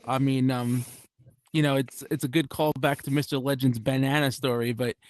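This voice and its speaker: A man's voice: mid-range voice, flat delivery, normal speed, a little mellow, dry recording. A man doing a stand-up comedy set at a club, rambling and self-deprecating with many restarts and asides. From United States.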